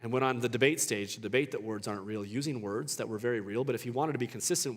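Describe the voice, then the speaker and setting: A man's voice: mid-range voice, quick pace, hardly any pauses. A man teaching a church apologetics class in a conversational way, asking rhetorical questions and often restarting his sentences.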